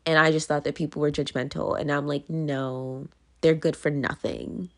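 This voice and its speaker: A woman's voice: sits low, steady tone, moderate pace. Young woman venting to her followers, rambly and emotional, near tears, lots of "like". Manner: rambling, emotional, many filler words. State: scared, close to tears. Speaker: vlogger. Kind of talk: casual venting monologue.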